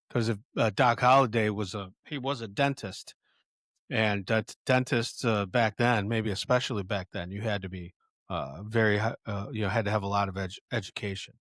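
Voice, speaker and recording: A man's voice: lowish voice, fairly even intonation, normal speed, fairly bright tone, no room sound, studio quality. An older man hosting a podcast, casually reading film quotes aloud and rambling through them with many fillers and restarts. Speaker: podcast host.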